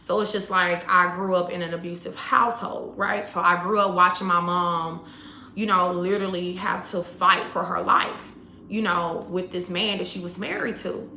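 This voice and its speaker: A woman's voice: on the low side, fairly even intonation, normal speed, sharp tone, slight background noise. A woman and mother telling a personal story to her viewers in a casual, rambling way, talking straight to them. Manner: chatty, rambling, full of "like" and "you know", addresses viewers as y'all. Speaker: spiritual YouTuber and mother. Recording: echoey room.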